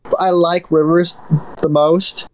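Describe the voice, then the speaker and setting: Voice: mid-range voice, little pitch movement, measured pace. A guest on a game chat panel, hesitant and stammering, often restarting. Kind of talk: casual chat about video games.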